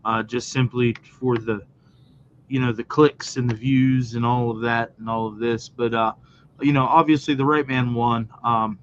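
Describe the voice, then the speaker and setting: A man speaks at an average pitch in an easygoing podcast chat. He moves through his points steadily and leans on filler words. His remote mic sounds a bit dull and lo-fi. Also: fairly even intonation, slight background noise. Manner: measured, many fillers. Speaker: podcast co-host. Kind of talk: casual chat.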